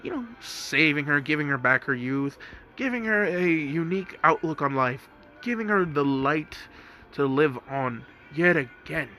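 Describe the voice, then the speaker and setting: A man casually retelling a homemade story, rambling through fillers and asides. His voice sits slightly high and unhurried, with faint music playing behind him. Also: animated, sharp tone. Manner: rambling, filler-heavy, amused. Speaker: fan-fiction storyteller.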